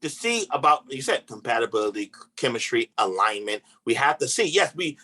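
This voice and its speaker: A man's voice: medium pitch, very animated, fairly quick, bright, forceful tone, breathy edge. A man who works as a relationship coach, talking as a podcast guest in a casual, earnest, emphatic way with loose informal grammar. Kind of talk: casual conversation.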